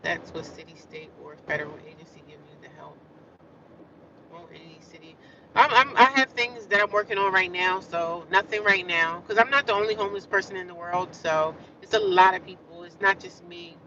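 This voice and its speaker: A woman's voice: fairly low pitch, fairly quick, pushed and bright. A woman chatting casually with viewers on a livestream, rambling and repeating herself. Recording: distant, slightly dull phone audio.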